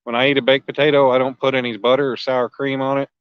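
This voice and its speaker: A man talks in a casual, easygoing way while hosting a fishing livestream, now and then clearing his throat. His voice is smooth and clear at a middle pitch. The sound is dry and close, with a slightly muffled, lo-fi quality. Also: little pitch movement, fast talker, no echo. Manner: laid-back, frequent throat clearing, reads chat aloud. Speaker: livestream host. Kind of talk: casual chat with live viewers. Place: outdoors at a riverbank at night.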